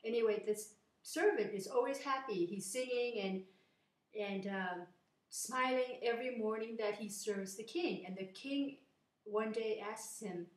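A woman's voice: on the high side, measured pace. Casual woman retelling a story, echoey room. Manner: informal, meandering.

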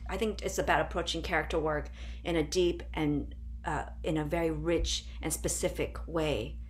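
Reflective woman panelist, lowish voice, talking through ideas on an improv panel. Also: fairly even intonation, moderate pace, slight background noise. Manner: reflective, searching for words. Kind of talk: panel discussion.

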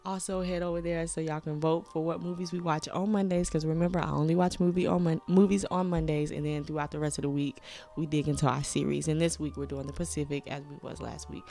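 A young woman, a movie reaction host who chats excitedly and keeps calling her viewers y'all. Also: sits low, quick pace, faint music behind. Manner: exclamatory, addresses viewers as y'all. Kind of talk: excited casual reaction chat. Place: home room.

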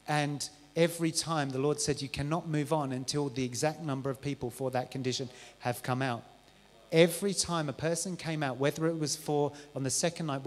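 A man delivers a sermon in a church, telling stories and acting out the people he quotes. His voice sits in a middle register. The sound carries a long hall reverb from the church room. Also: mid-range voice. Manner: lively storytelling, animated quoted voices. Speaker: visiting preacher. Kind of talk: sermon with testimony. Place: church auditorium.

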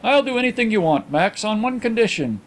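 In a storybook reading, an excitable gentleman friend played by a man speaks in a lifted, high-pitched register. His lines come out emphatic and incredulous, full of pressing questions. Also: fairly quick.

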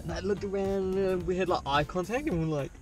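A young man, high-voiced and speaking quickly over music, recounts a dream to a friend in casual talk. The story wanders, he swears, and he says "like" constantly in his lively retelling.

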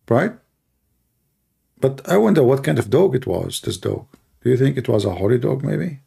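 Male apologist, mellow, gravelly voice, dry sarcastic delivery. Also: medium pitch, big pitch swings, normal speed, pauses often. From Middle East. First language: Arabic. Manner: sarcastic, mocking. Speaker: Christian apologist. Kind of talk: mocking commentary and anecdotes.

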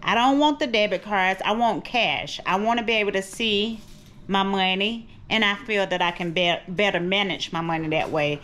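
A woman's voice: medium pitch, normal speed, a bit bright, a little hiss or hum. A middle-aged woman vlogging in her kitchen at home, rambling and chatty, calling her viewers cousins. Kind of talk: casual chat to camera.

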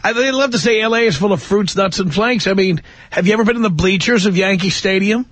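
A man's voice: high voice, quick pace, a bit bright, dry recording. A man in his fifties hosting a call-in radio talk show, opinionated and wry. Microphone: studio microphone.

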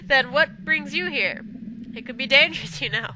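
A woman's voice: high-pitched, moderate pace, noisy background, close to an everyday voice. A woman voicing a young man in a game, flustered and apologetic, reading stumbling dialogue aloud.

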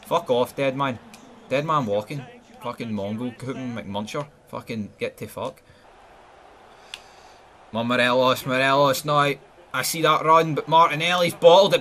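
A young Scottish man doing sweary, excitable mock football commentary over a video game, mumbling asides and yelling at chances. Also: medium pitch, normal speed, long pauses. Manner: excitable, sweary, jumps from mumbling asides to yelled goal calls. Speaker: gaming YouTuber.

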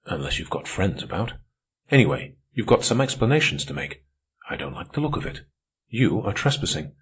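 A man's voice: on the low side, sing-song, moderate pace, fairly bright tone, slight background noise. A man reading an audiobook, voicing a cool and self-assured young upper-class man with an unruffled manner.

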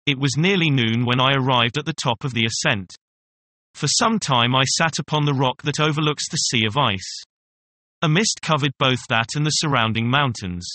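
Man reading an old novel, bright sharp voice, super dry close mic. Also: medium pitch, normal speed, no echo. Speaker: audiobook narrator. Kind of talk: scripted first-person narration.

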